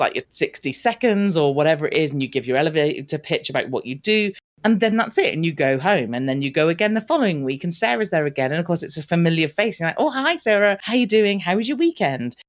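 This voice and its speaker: A woman's voice: sits low, quick pace. A woman, a marketing expert guest, talking casually and acting out example conversations as she explains. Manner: lively storytelling, acts out conversations. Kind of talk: casual interview talk. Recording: dull lo-fi audio.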